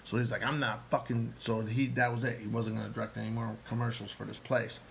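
A man's voice: mid-range voice, level tone, quick pace, gravelly, a little hiss or hum, rough recording. A man, an actor and comedian, telling a long story in casual chat, acting out the quotes and swearing freely.

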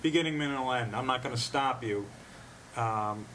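A man's voice: medium pitch, moderate pace, fairly bright tone, a little hiss or hum, poor audio. A man from Long Island, an actor, telling rambling stories about auditions and acting classes and often laughing as he goes. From New York, Long Island. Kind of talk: casual storytelling chat.

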